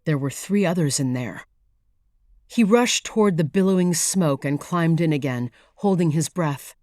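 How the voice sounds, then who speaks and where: A woman narrating a thriller audiobook in a measured, even storytelling manner, read close to the mic. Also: low voice, no room sound. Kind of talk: scripted narration.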